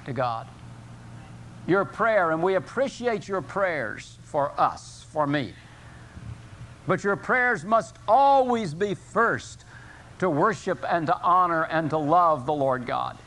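An older man preaching a sermon as pastor, earnest, slowing and rising in pitch to stress scripture. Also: a bit bright, a little hiss or hum. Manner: earnest preaching, rising for emphasis, slow drawn-out scripture quotes.

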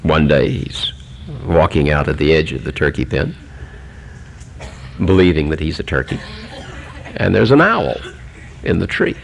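A male preacher telling a humorous animal story in a folksy, unhurried sermon, with many pauses and fillers. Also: extremely low pitch, animated, vocal fry, slight background noise.

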